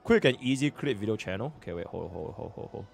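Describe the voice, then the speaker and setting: On the low side and expressive, this young man's voice moves at a quick pace with some vocal fry. Live-streaming from Singapore, he talks casually through the menus, repeats his filler phrases, and mutters to himself.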